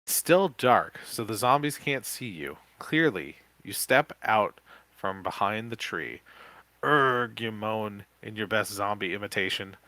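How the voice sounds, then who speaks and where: A man co-hosting a podcast, reading an interactive horror book aloud live with quick self-corrections. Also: fairly low pitch, bright, forceful tone, no room sound. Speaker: podcast co-host.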